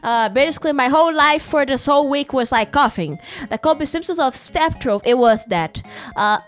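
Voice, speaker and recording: A woman's voice: high-pitched, lively intonation, moderate pace, faint music behind. A woman streamer in casual livestream chat, rambling and giggly, greeting chat mid-story, still getting over a sore throat and cough.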